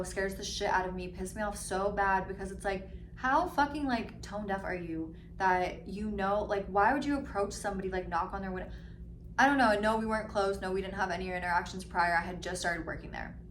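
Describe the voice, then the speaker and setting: A woman's voice: mid-range voice, a little hiss or hum. Young woman ranting in an echoey room. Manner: ranting, heavy filler "like", swearing, quick mimicry of others. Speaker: vlogger. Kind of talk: mukbang storytime rant. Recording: slightly echoey room with faint ambience.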